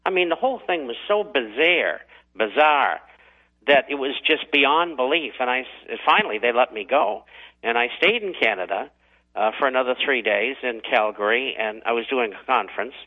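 A man, a guest on a talk radio show, telling his story in a deliberate, halting way. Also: medium pitch, lively intonation. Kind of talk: phoned-in interview storytelling. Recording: tinny phone line.

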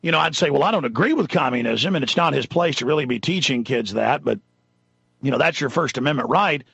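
A man's voice: mid-range voice, expressive, fairly quick, vocal fry, fairly bright tone, slightly rough, no echo, lo-fi sound. A man hosting a talk radio show, ranting indignantly and reading news items aloud in an impassioned monologue.

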